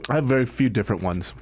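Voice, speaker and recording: A man co-hosting a casual food podcast, jokey and self-mocking, talking loudly. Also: medium pitch, a little hiss or hum. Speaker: podcast co-host. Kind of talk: casual chat.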